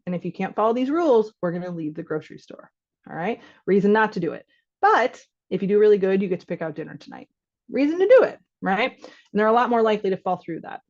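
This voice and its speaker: Woman doctor leading a relaxed caregiver workshop, chatty, mid-pitched voice, slightly muffled audio. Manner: conversational, acts out dialogues. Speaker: physician giving a caregiver workshop. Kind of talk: informal workshop talk.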